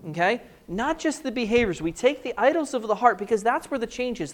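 A man preaching a sermon, telling stories with lively acted-out dialogue. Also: high voice. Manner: animated storytelling, acting out scenes in different voices. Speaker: pastor.

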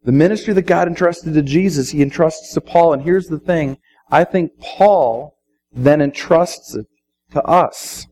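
A man's voice: a little high, unhurried, darkish tone, a little hiss or hum, poor audio. A middle-aged man preaching a sermon, speaking conversationally and quoting scripture. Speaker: pastor.

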